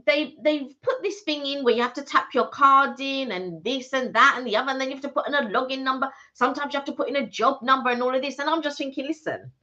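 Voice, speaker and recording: Woman on a live stream, bright voice, really animated, explaining stuff earnestly. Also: sits high, muffled recording. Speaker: channel co-host. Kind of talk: casual live-stream chat.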